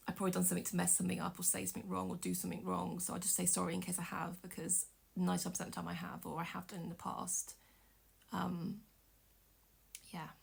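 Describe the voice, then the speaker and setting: A young woman tells a painful story from her own life, her voice heavy with gravel and fry. She speaks in an emotional, halting way, stopping often and starting over. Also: lowish voice. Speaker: vlogger. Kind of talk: personal storytelling vlog.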